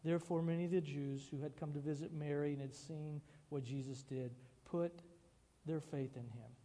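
A man preaching a sermon as pastor, expressive and acting out quoted lines. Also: fairly high pitch, normal speed, long reverb tail.

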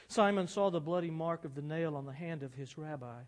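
Earnest preacher in a reverberant hall. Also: male voice, a little high, a little fast, hardly any pauses. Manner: earnest, rising to dramatic emphasis when reading. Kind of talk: sermon with dramatic reading.

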